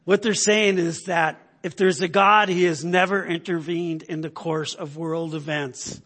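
Male preacher, fairly high voice, husky, emphatic conversational sermon, long hall reverb. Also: steady tone, slow, a bit bright. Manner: conversational, emphatic, with frequent "right?" checks.

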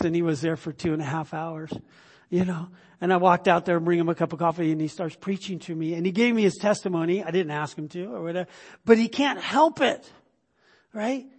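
A man's voice: high voice, a little mellow. A middle-aged male pastor preaching a conversational sermon, full of restarts and sudden bursts of emphasis. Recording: long hall reverb.

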